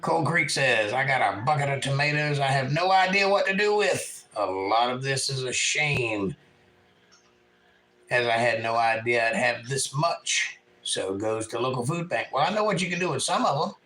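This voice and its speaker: A man from eastern North Carolina with a Southern accent hosts a casual livestream at home, reading chat messages aloud in a folksy way. His medium-pitched voice is animated, pushed and bright at a moderate pace, in a low-quality recording with slight background noise.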